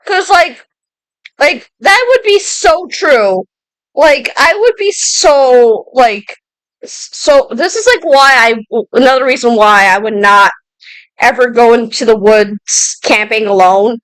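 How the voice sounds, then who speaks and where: A young woman streaming a story game, reading it aloud and rambling about it in a profane, excitable way. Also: fairly high pitch, takes it slowly, smooth, rough recording. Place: indoor room with a fan running. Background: loud music.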